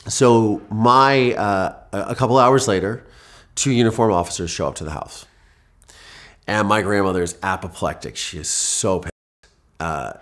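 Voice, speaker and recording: A man from Ohio earnestly retells a personal story in vivid detail, often restarting his sentences. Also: fairly low pitch. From Ohio, USA. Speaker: guest.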